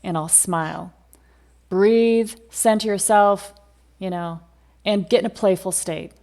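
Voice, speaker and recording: Female podcast host, mid-pitched, upbeat, encouraging advice-giver. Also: takes it slowly, darkish tone. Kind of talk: casual podcast chat.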